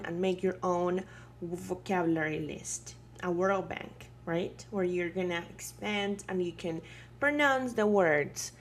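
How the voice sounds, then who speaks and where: A woman with a Colombian Spanish accent giving a patient beginner Spanish lesson. She repeats words and keeps checking with "right?" and "okay?". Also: medium pitch. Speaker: Spanish teacher. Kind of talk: slow explanatory lesson.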